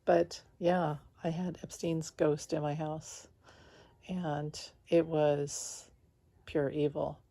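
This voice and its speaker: A woman with a low, mellow voice tells a story to her followers in a loose, rambling vlog. She leans hard on fillers and breaks into short laughs between her thoughts. She talks lying down at home. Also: little pitch movement, slow pace. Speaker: spiritual vlogger. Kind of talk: casual confessional vlog.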